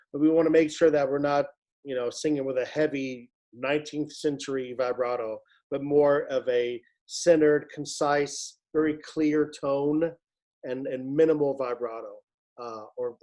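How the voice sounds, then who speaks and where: Halting male choir director, a bit high. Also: a little mellow, rough recording. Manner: halting, many fillers and restarts, sings short phrases to demonstrate. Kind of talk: rehearsal instruction.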